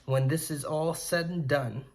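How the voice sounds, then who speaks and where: A man's voice: fairly high pitch, steady tone, measured pace, darkish tone. A man quoting a smug reptilian alien king. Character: proud, scheming male reptilian alien king.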